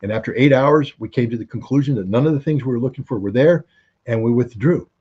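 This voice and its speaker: A man's voice: medium pitch, fast talker, darkish tone, slightly rough. A middle-aged American man and former weapons inspector, recounting anecdotes in an interview and acting out the dialogue. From United States. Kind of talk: interview storytelling. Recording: dull, slightly lo-fi audio.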